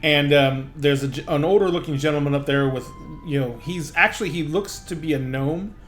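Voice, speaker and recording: Give me a man game master narrating, halting, with frequent fillers. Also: fairly high pitch, fairly bright tone, faint music behind. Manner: halting, lots of fillers and self-corrections.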